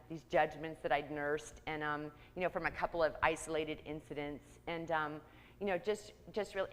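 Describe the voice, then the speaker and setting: A woman who works as a church outreach coordinator, giving a candid personal testimony in a conversational way, with many pauses and ums. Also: fairly low pitch, a bit bright. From Kansas, US. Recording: reverberant church hall.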